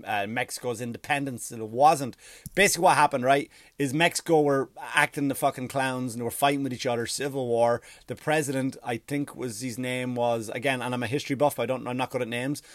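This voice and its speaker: A man from Ireland, telling a rambling, profane mock history with deadpan jokes and silly put-on voices. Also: mid-range voice, no echo, clean studio sound. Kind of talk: comedic storytelling monologue.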